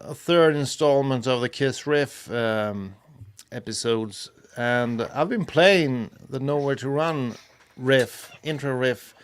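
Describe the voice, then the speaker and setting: A man's voice: medium pitch, clean tone. A man chatting as a panelist on a podcast, enthusiastic and a bit rambling, with many fillers. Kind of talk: casual podcast chat.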